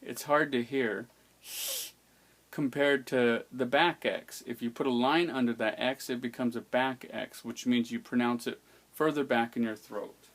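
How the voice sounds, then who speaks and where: Slow, patient man teaching pronunciation. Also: mid-range voice, fairly even intonation. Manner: slow, patient, demonstrating sounds aloud. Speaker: language teacher. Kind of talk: explaining an alphabet's pronunciation.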